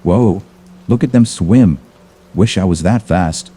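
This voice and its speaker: A man's voice: sits low, slow, mellow, slightly rough, exaggerated voice. A man voicing a young male sailor on deck who is easily startled, in a spoken horror story. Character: young male sailor spotting dolphins, growing uneasy.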